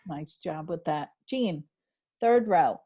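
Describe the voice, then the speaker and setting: A woman teaching a spelling class over a video call. She speaks slowly and gently, with a slightly low voice, encouraging her students and describing each step she takes on screen. The call audio is a bit dull. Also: lively intonation, breathy edge. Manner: patient, encouraging, narrates her screen actions. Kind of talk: online class lesson.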